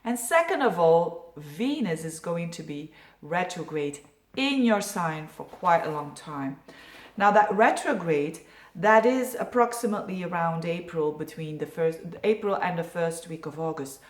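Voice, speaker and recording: A woman's voice: fairly low pitch, expressive, unhurried, echoey room. A woman from Belgium, an astrologer, giving a yearly horoscope forecast in a chatty, reassuring way with many fillers. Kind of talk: casual horoscope video.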